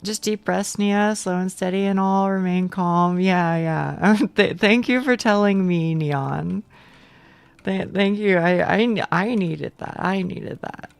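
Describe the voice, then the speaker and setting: A woman's voice: mid-range voice, slow pace, gravelly, clear, resonant tone, no room sound. A young woman streaming a game from home on a close mic, chatting casually with chat, self-deprecating, stammering and swearing.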